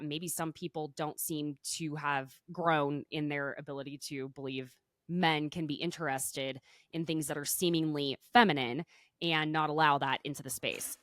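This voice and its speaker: A woman hosting a podcast, recapping a show in a chatty, animated way full of quick asides. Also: lowish voice, no room sound, studio quality. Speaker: podcast host. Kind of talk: casual recap chat. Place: podcast recording.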